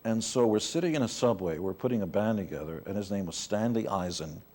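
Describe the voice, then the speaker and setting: A middle-aged man from New York, speaking as an interview guest. His voice sits fairly low and has a dark, mellow tone. He tells candid stories in a blunt, wry way. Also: lively intonation, a little fast. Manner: blunt, wry anecdotes with playful put-on voices.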